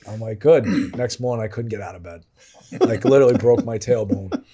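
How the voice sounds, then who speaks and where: A man's voice: fairly low pitch, expressive, moderate pace, warm tone. Swearing man telling stories. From Medford and Malden, Massachusetts. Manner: profane, rambling storyteller who keeps adding "right?". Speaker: podcast host. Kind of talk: casual storytelling among friends.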